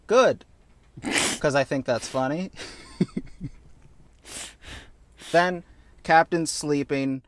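Animated man pitching a film story. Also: drawn-out words, long pauses, no echo. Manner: animated, acts out characters with profanity. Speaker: podcast co-host.

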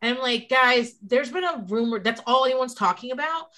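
A woman's voice: a little high, normal speed. A woman co-hosting a casual chat, telling gossip with profanity and acting out quoted lines. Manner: profane, animated storytelling with quoted voices. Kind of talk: casual chat recapping a reality show.

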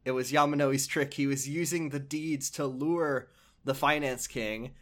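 A man's voice: medium pitch, steady tone, unhurried, fairly bright tone. A man recapping a video game on a podcast. He rambles and swears, and his talk is full of hesitations and restarts. His voice sits in an ordinary middle register.

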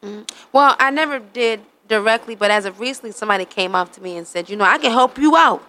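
A woman with a bright, sharp-edged voice talks in easygoing chat. She mostly chimes in with quick agreement and dry, joking asides. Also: fairly high pitch. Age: adult with a son. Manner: chiming in with short agreeing reactions and wry asides. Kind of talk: casual chat.

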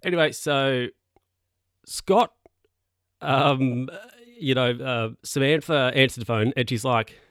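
A man hosts his own podcast and tells a rambling story in a casual, chatty way. His voice sits at an ordinary middle pitch. It comes through a close mic in a dead, dry room with no echo. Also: takes it slowly, long pauses, fairly bright tone. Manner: rambling, chatty, self-correcting with laughs. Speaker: podcast host.

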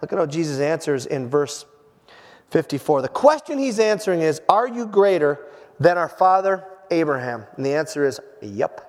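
Man preaching, high voice, very lively pitch, reverberant church hall. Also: normal speed. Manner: animated, acts out the quoted voices. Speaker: pastor. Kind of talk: sermon.

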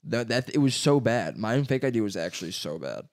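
A man's voice: lowish voice, very animated, a little fast, a little mellow, dry recording, studio quality. A young man with a stuffy nose, co-hosting a podcast in casual, rambling chat, swearing and laughing often. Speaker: podcast co-host.

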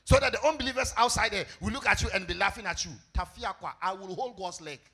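A male pastor, preaching a fervent sermon that breaks into shouts and sung phrases. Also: sits high, fast, breathy edge.

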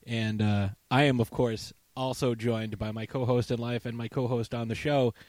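A man's voice: mid-range voice, flat delivery, normal speed, darkish tone, no echo. A man hosting a casual podcast, teasing his co-host with jokey banter.

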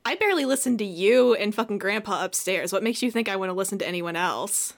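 A woman's voice: mid-range voice, expressive, quick pace, creaky. A woman playing a tabletop role-playing game who swears often and sounds sarcastic. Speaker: player. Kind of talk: tabletop role-play, casual chat.

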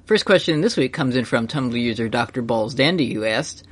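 A man's voice: mid-range voice, animated, slightly rough. A man co-hosting a podcast, chatting casually and reading listener questions aloud. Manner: fast, joking, reads listener questions aloud. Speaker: podcast co-host. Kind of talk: casual chat.

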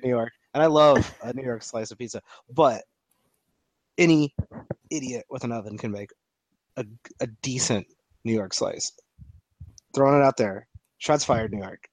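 Guy co-hosting a sports podcast, jokey and fired up, mid pitch, dry close mic. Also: normal speed, long pauses, dry recording. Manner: animated, joking rants, frequent restarts. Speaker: podcast co-host. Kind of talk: casual sports chat.

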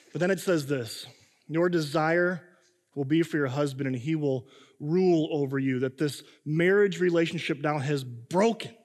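A man in his thirties preaching to a congregation, switching between reading scripture and talking in a lively, conversational way. His voice sits a little high for a man. A long hall reverb hangs behind every line. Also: moderate pace. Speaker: pastor. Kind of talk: sermon.

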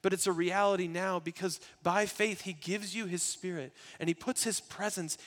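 A man preaching a sermon in an earnest way, moving between loud emphasis and hushed, quiet passages. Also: high voice, steady tone, normal speed. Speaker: pastor.

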